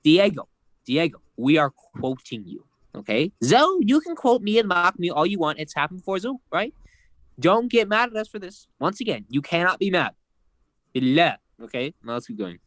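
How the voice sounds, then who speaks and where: A man's voice: high voice, big pitch swings, normal speed, a bit bright, dry recording. A man commentating casually with friends, teasing and mock-exasperated.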